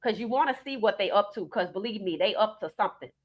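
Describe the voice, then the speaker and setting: A woman with a New Orleans accent hosting a live stream, giving emphatic, animated commentary and reading out viewer comments. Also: medium pitch, fast, lo-fi sound.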